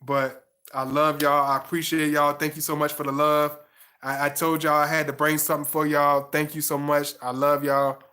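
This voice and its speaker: A man hosting a livestream, chatting casually and warmly with viewers. His voice sits a little high and sounds bright and forceful. His talk loops and repeats, full of slang and fillers. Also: flat delivery, normal speed. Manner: loose, repetitive, affectionate slang, many fillers. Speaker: livestream host.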